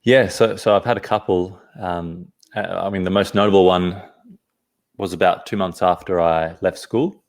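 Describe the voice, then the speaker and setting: A man, a podcast guest, telling a personal story in an earnest, halting way, often restarting his phrases. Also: deep voice, fairly even intonation.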